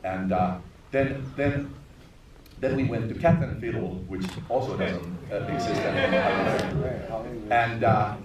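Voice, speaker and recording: A middle-aged man from Finland, a film director telling stories at a screening Q&A, animated and laughing often. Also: fairly low pitch, slow pace, over a noisy crowd. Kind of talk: live anecdote on stage. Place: large echoey cinema hall. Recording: distant, echoey theater recording with noise.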